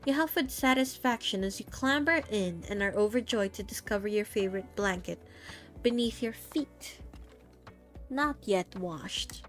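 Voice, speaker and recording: A young woman gently reading a second-person story as a VTuber storyteller, soft and slightly halting. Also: mid-range voice, animated. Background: soft background music.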